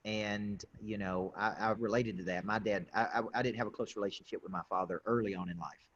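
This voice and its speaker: A husky man in his forties hosts an interview, speaking in a measured, affirming way. His voice comes through a dull, lo-fi recording, at an ordinary middle pitch. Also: fairly even intonation. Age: 40s. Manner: measured, affirming, repeats words. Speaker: host. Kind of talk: conversational interview.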